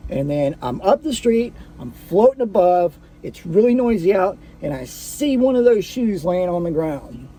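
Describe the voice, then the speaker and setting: Man, high voice, mellow warm tone, casual personal storytelling, cusses, lots of restarts. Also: very animated, a little slow, few pauses. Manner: casual, profane, full of fillers and restarts.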